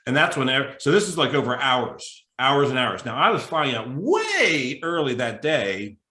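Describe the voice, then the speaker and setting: Animated storytelling man, bright and roomy. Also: a little slow. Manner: animated, acts out dialogue with big pitch jumps. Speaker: mental toughness coach. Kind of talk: storytelling in a podcast interview.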